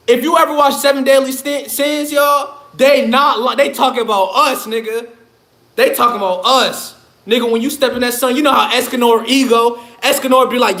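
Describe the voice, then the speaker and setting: A man's voice: extremely high pitch, fairly even intonation, normal speed, pushed and bright. A man ranting on his livestream in a loose, profane, rambling way, laughing often. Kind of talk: casual livestream rant. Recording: echoey room.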